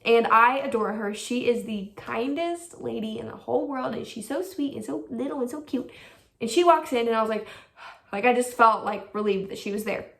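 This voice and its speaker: A woman's voice: a little high, moderate pace, creaky, a bit bright, reverberant, far from the mic. A young woman vlogger telling a personal story in a casual, chatty way, full of "like" fillers and acted-out quotes. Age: young adult.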